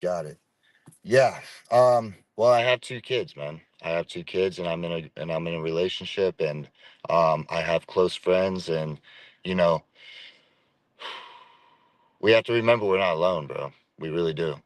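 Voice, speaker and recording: A man's voice: low voice, no echo, poor audio. A man in his thirties, a podcast guest, speaking reflectively and casually with swearing and repeated phrases.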